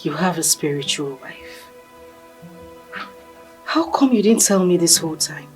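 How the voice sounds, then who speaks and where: An actress playing a wife, questioning and worried. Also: female voice, deep voice, expressive, measured pace, a little mellow, faint music behind. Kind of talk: film drama acting.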